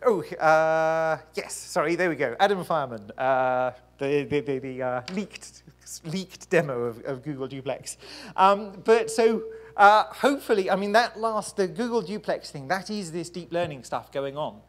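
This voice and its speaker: Presenter at a pub science night, chatty and self-deprecating, mid-pitched voice. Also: lively intonation, a little slow. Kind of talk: public science talk. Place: live pub science event.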